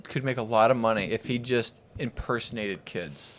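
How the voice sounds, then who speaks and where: A married man co-hosting a podcast who retells funny scenes in an animated way and imitates the voices in them. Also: mid-range voice, moderate pace. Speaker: podcast co-host. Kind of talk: casual chat.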